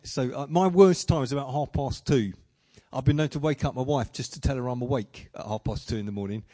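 A man's voice: fairly high pitch, mellow. A man delivers a sermon in a loose, conversational way, with a voice sitting a little above the usual male range. He mixes Bible retelling with self-deprecating personal stories. He often trips over his words and restarts sentences. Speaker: preacher.

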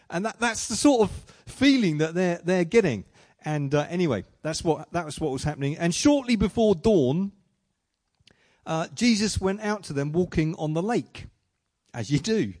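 Casual preacher, male, a touch high in pitch, self-deprecating and conversational, stumbles and restarts mid-sentence. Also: lively intonation, moderate pace, a little mellow. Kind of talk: sermon with personal anecdotes.

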